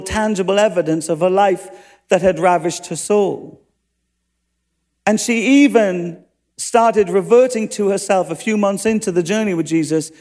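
A man's voice: sits high, darkish tone. A man preaching a sermon, telling stories earnestly and acting out the dialogue of the people in them. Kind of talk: sermon storytelling. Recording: long hall reverb.

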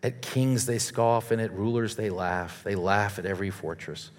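A man's voice: on the low side, moderate pace. A male preacher delivering an earnest sermon, reading scripture aloud and warning his listeners. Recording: long reverb of a large hall.

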